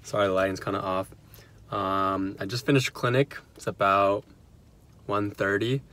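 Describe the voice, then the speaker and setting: A man's voice: lowish voice, normal speed. A young man in his twenties, a physician assistant student, chatting casually into a phone at arm's length, rambling with lots of fillers. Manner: relaxed, rambling, filler-heavy. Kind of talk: casual vlog chat. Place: car and home. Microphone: phone held at arm's length.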